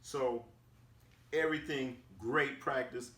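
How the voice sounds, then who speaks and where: A man from Oakland in a casual storytelling recap, animated and acting out quotes with slang. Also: mid-range voice, slow pace. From Oakland, California, USA. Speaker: sports vlogger. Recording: roomy sound, distant from the mic.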